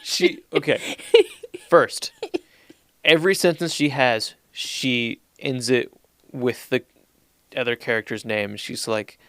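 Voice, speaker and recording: A man co-hosting a podcast in a casual movie review chat, sarcastically acting out lines from a bad film in a slow deadpan. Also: mid-range voice, no room sound, clean studio sound. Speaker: podcast co-host.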